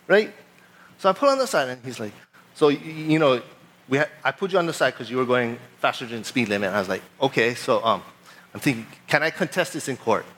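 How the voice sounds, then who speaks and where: A man preaching as pastor, telling a personal story in a casual, animated way and reading scripture aloud. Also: a little high. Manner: casual storytelling, animated retelling of a traffic stop; reads scripture aloud in a measured voice. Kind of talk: sermon.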